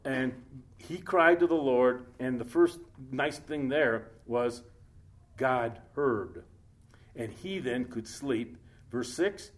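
A man preaching a sermon in a conversational, joking way, breaking off to read scripture aloud slowly. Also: mid-range voice. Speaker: pastor. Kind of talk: sermon, Bible study.

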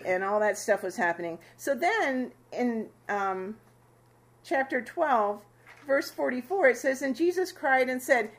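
A woman teaches scripture to her small fellowship in a relaxed, chatty way. Her voice sits high, and she often breaks into laughter with the group. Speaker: Bible study leader.

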